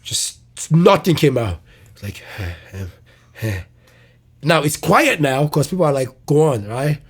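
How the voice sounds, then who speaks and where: A young man spins a rambling comic story, laughing and swearing as he goes. His voice sits a little high with a husky grain. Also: slow. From Ireland. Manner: animated, laughing, swearing, many fillers. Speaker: comedian guest. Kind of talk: casual storytelling.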